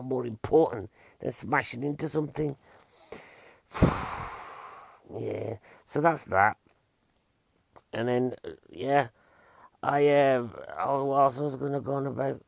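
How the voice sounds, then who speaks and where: A man telling rambling comic stories, with wry deadpan asides and rhetorical questions. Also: mid-range voice, a little slow, gravelly, pauses often, no echo. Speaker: comedian. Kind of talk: rambling comic storytelling monologue. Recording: dull lo-fi recording, dry.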